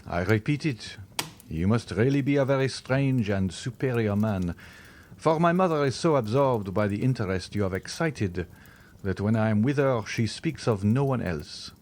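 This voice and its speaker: Brief: man doing an eager young nobleman; earnest, lively inflection, lowish voice. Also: moderate pace, slight background noise, natural voice. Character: young viscount, eager and devoted to his mother.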